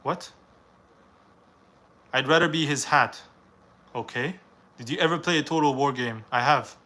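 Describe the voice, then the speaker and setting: A man's voice: mid-range voice, unhurried, pushed and bright. A young man from Canada, reading viewers' questions aloud on a live stream and answering them in a casual, rambling way.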